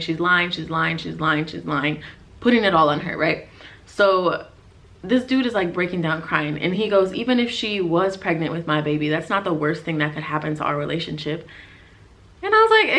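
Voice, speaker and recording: A woman's voice: lowish voice, fairly bright tone. A young woman vlogger telling a personal story to camera in casual chat, full of "like" fillers and acted-out quotes. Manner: chatty, lots of "like" fillers, acts out quoted lines.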